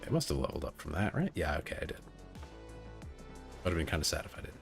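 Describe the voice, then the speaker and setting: A man's voice: extremely low pitch, very animated, quick pace. A man chatting casually with his stream audience, rambling and stop-start as he reads out the chat. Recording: faint music behind.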